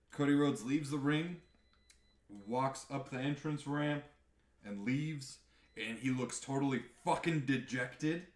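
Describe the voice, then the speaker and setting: A man on a live podcast, chatting casually in a profane, animated rant. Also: medium pitch, reverberant. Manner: animated, profane ranting with mocking impressions. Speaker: podcast co-host.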